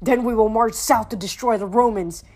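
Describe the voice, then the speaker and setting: A woman voicing an excitable, bragging male grain spirit in a read-aloud novel. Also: on the high side, moderate pace, lightly acted. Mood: excited.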